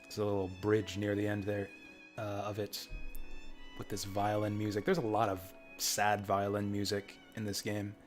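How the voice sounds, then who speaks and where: A man with a lowish, monotone voice and a moderate pace provides casual let's-play commentary. While streaming an old role-playing game, he reads its text aloud and mixes in his own asides, with faint game music in the background.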